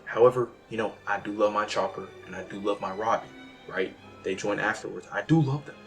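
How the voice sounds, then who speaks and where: A young man talking in a casual, rambling monologue that is self-deprecating and jumps from quiet musing to loud outbursts. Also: fairly low pitch, brisk, recorded from a distance. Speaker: vlogger. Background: background music.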